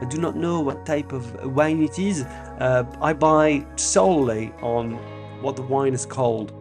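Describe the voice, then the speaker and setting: A man's voice: medium pitch, a little slow, over music. A man from France hosting a podcast, rambling and self-mocking, swearing freely between stretches of reading an essay aloud. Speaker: podcast host.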